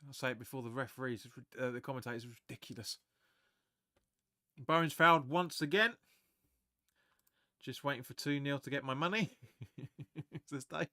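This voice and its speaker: A man hosting a live fan watch-along of a football match, chatting excitably, swearing, and reading viewer comments aloud. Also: medium pitch, normal speed, long pauses, no echo, studio quality.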